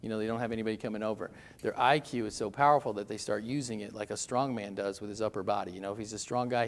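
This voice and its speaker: Gravelly, chatty seminar speaker, a man. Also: mid-range voice, slight background noise. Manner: chatty storyteller, self-deprecating. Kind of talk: motivational seminar talk.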